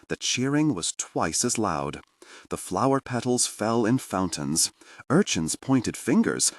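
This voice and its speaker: A man narrating a fantasy audiobook with expressive storytelling. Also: deep voice, no room sound, studio quality. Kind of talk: scripted narration.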